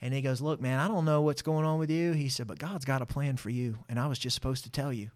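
A man, a guest telling a personal testimony with lively acted-out dialogue. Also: mid-range voice, fast. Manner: animated, acts out voices in his story. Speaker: interview guest. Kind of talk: storytelling testimony.

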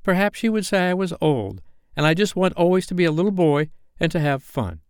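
Man doing a defiant, cocky boy, high and bouncy, dry close read. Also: lively intonation, brisk, clear, resonant tone, no room sound. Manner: cocky and decisive. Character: proud defiant boy who never grows up.

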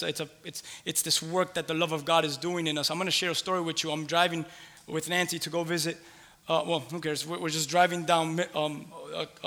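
A male pastor preaching a sermon and telling a personal story in an animated way that builds to loud exclamations. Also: fairly high pitch, long reverb tail.

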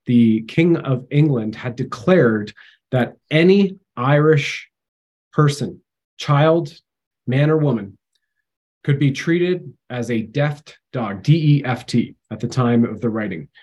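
Male host, husky tone, loose digressive talker. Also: medium pitch, expressive, slow pace, darkish tone, lo-fi sound. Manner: rambling, digressive history talk. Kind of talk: casual interview chat.

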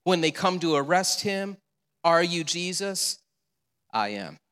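A male pastor preaching a sermon, animated and storytelling, with rhetorical questions and repeated answers. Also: fairly high pitch, slow pace, clear, resonant tone, long reverb tail.

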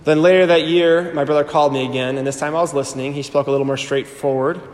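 A priest in his thirties telling his personal testimony to a live audience. He tells it with animated storytelling and acts out the voices he quotes. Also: on the high side, fast. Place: large hall before an audience. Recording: echoey hall with long reverb.

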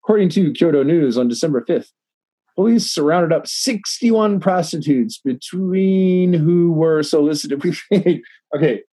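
A man's voice: on the high side, lively intonation, unhurried, mellow, dry recording. A tipsy man co-hosting a podcast, rambling and swearing as he reads news stories aloud with many restarts. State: tipsy from drinking. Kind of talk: casual profane banter, reading articles aloud.

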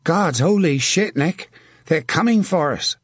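A jittery young archer whose voice climbs high with fear, as a man puts him on. The delivery is husky and dry, read close to the mic. This is a storybook figure, anxious and uneasy. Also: unhurried, no echo. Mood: nervous. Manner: nervous, anxious. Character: nervous young male archer, frightened.

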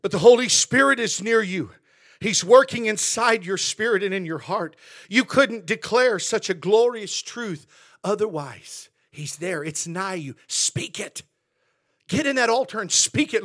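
A male pastor preaching in a church sanctuary, with a very high voice and a bright, forceful edge. He swings from shouted declarations down to near-hushed asides, pressing every line with passion. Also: expressive, unhurried. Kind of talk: sermon.

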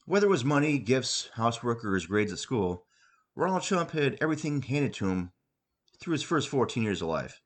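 A man's voice: medium pitch, very animated, moderate pace. Man reading his own comic story. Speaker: podcast host and author.

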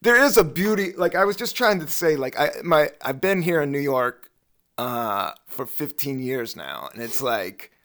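A man hosting a comedy podcast, chatting casually, enthusiastic and quick to laugh. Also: on the high side, expressive, fairly bright tone. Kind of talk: casual chat.

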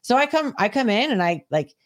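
A woman's voice: a little high, brisk, no echo, studio quality. A woman co-hosting a podcast, telling a long casual story with lots of swearing. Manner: profane, animated storytelling. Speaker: podcast co-host. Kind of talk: casual chat.

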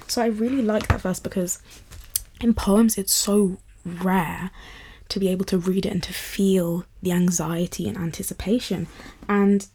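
A woman's voice: mid-range voice, steady tone, unhurried, pauses often, dark tone, breathy edge. A woman vlogger in a casual, enthusiastic and rambling chat about poetry.

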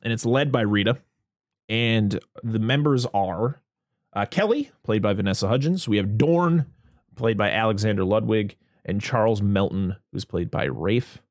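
In a dry, studio-quality recording, a man with a fairly low voice talks at normal speed. He's a podcast host casually recapping a film, often laughing and acting out what the characters say.

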